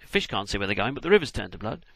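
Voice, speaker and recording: A man's voice: lowish voice, big pitch swings, racing, vocal fry, a bit bright, no room sound. A man retelling a story comically, in a rambling, conversational way.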